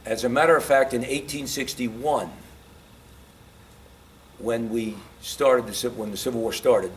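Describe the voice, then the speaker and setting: A man's voice: medium pitch, fairly even intonation, unhurried, slight background noise. Man lecturing on history, quizzing the room. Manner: quizzes the audience with questions, gets impassioned. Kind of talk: informal history lecture to a live audience.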